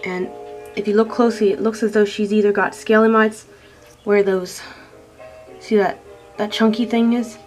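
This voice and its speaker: A woman on the verge of tears, speaking in a middle-pitched voice into a handheld camera at home. Her talk is halting and tender, broken by sighs and restarts, with a faint bit of music behind her. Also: level tone, a little mellow. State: close to tears. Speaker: pet owner filming her bird. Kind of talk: emotional home video complaint.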